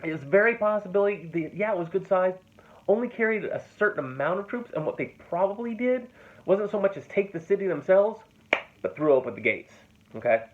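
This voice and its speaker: A man's voice: high voice, expressive, brisk, slight background noise. A man teaching a classroom lecture in a loose, conversational way, checking in often with his students. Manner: casual and conversational, checks in with "okay?" and "right?". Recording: tinny phone-like classroom recording.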